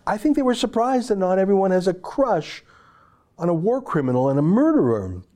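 A man's voice: high-pitched, sing-song, brisk, dark tone. A man hosting an opinion commentary show, delivering a sarcastic, emphatic, heated monologue.

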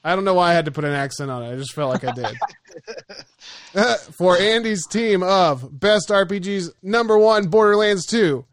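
A man's voice: high-pitched, lively intonation, moderate pace, no room sound. A man hosting a podcast, talking casually with friends, swearing freely and reading out lists. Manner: laid-back, swears freely, reads lists aloud. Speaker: podcast host.

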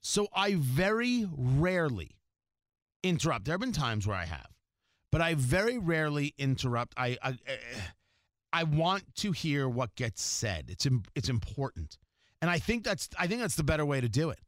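A man's voice: fairly high pitch, big pitch swings, moderate pace, a bit bright, dry recording, studio quality. A man hosting a political talk show, delivering an opinionated monologue in an emphatic way, with many restarts and repeated words.

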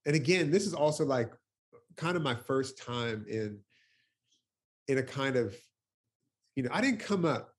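Man, poet guest on a video call. Casual, animated storyteller who laughs a lot, swears freely and talks in loose, filler-heavy phrases. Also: medium pitch, unhurried, pauses often. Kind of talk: reflective conversational storytelling.

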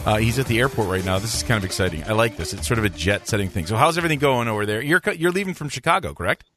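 A man's voice: fairly low pitch, lively intonation, racing, music in the background. A man hosting his own podcast as a dentist, chatting in an upbeat, jokey way with his guest. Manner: jokey, upbeat, sing-song. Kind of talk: casual interview.

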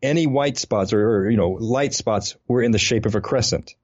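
A man co-hosting a podcast who tells a story in an animated way. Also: medium pitch, normal speed, dry recording, muffled recording. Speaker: podcast co-host. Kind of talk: casual podcast chat.

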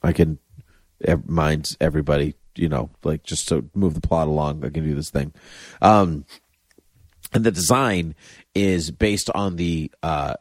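A male podcast co-host with a very low voice, talking casually and jokingly. He drifts into playful mock outrage. The sound is close and dry. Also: dry recording. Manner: chatty, laughing, mock-outraged asides. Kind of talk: casual chat.

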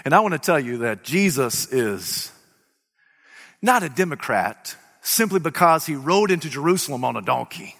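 A man preaching a sermon to a crowd, emphatic, swinging between loud declarations and quiet remarks. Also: fairly high pitch, very animated, normal speed, vocal fry. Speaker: pastor. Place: church sanctuary before a crowd. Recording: live hall with long reverb.

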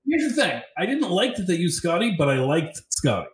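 A man's voice: high voice, huge pitch swings, a little fast. A man co-hosting a podcast, chatting casually and making dry, wry remarks. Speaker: podcast co-host. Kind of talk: casual chat. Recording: roomy echo with faint noise.

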